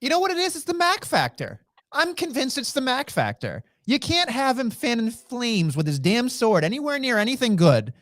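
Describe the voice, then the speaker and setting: Male podcast co-host, rambling and stammering, lively pitch swings, dry mic. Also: moderate pace, dry recording. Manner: rambling, stammering restarts, swears. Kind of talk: casual wrestling chat.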